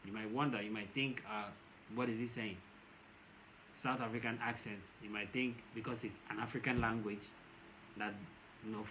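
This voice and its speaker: A man's voice: medium pitch, fairly bright tone. A Nigerian man giving casual commentary to camera, rambling and often repeating and restarting his phrases. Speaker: vlogger. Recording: dull lo-fi with faint noise.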